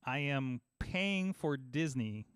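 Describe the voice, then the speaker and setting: A man in casual podcast chat, telling an animated story and acting out both sides of phone calls. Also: medium pitch, slow, clear, resonant tone, dry recording. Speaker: podcast host.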